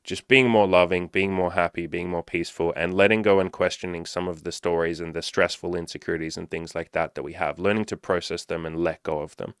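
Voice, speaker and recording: Man, low voice, casual coaching monologue, swears a lot, animated, dry close sound. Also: fairly quick, few pauses, clean tone, no room sound. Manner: profane, animated, acts out panicky inner voices. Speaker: self-improvement coach.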